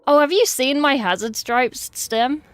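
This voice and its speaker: A woman's voice: high-pitched, unhurried, fairly bright tone, smooth, no echo, faint music behind. A woman hosting a casual livestream at her hobby desk, rambling as she reads chat aloud and answers it. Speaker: livestream host.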